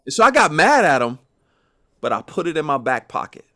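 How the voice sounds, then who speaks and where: Casting note: gospel musician, male, higher register, lively and emphatic when recounting stories. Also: a little fast, vocal fry. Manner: animated, emphatic storyteller. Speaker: gospel musician and podcast guest. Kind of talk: personal storytelling in conversation.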